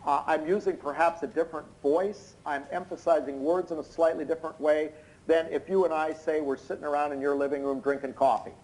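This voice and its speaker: A hoarse, tired man giving expert courtroom testimony over a video call, explaining in an unnaturally loud voice with many hesitant fillers. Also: fairly high pitch, steady tone, fairly quick, poor audio. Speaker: expert witness. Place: indoors in London at night.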